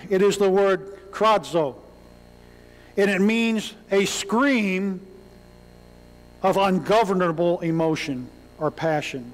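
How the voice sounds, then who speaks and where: A man preaching a sermon in a church, telling the story dramatically and crying out the lines of the people in it. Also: sits high. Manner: dramatic storytelling preacher who acts out cries. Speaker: pastor. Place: church sanctuary. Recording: long hall reverb.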